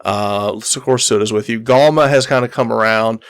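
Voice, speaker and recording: A man's voice: lowish voice, normal speed, clear, resonant tone. A man narrating as game master in a tabletop game, hesitant, with many fillers and repeated words.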